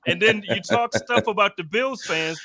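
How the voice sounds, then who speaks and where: A man hosting a casual sports podcast, talking in an animated, teasing way and laughing often. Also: sits high, normal speed, vocal fry, no room sound, clean studio sound. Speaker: podcast host.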